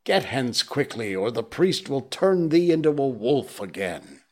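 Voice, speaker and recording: A man voicing an angry, superstitious village mob that yells insults. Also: big pitch swings, measured pace. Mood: furious. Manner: shouting, high and harsh.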